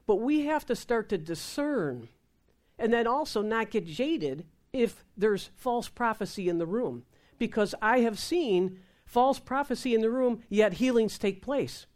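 A woman's voice: on the high side, animated, a little slow, a little mellow. A woman telling a faith testimony to a group, acting out the quoted dialogue in different voices as she goes. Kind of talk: testimony storytelling.

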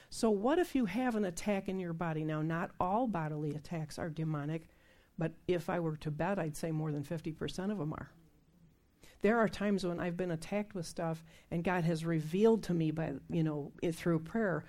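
A woman's voice: lowish voice, moderate pace, dark tone. A woman preaching a sermon in a conversational, emphatic storytelling manner.

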